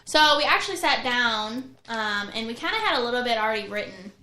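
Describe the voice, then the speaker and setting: A woman's voice: on the high side, lively intonation, brisk, sharp tone. A woman country singer chatting as a radio guest, laughing easily and agreeing readily. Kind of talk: casual interview chat. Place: radio studio.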